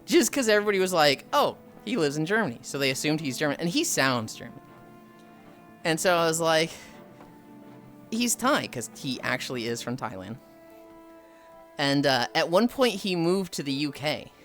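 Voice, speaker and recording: Woman streamer, lively casual storyteller, swinging pitch, soft music under. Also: moderate pace. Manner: animated storytelling, acts out quoted people. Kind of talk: casual chat with friends and chat.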